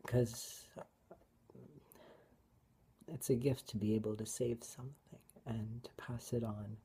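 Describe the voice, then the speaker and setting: A tearful woman sharing a personal Bible reflection in a halting, hesitant way, often dropping to a whisper. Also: extremely low pitch, fairly even intonation, breathy edge. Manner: halting, hesitant, with many restarts; soft-spoken, often drops to a whisper. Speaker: vlogger.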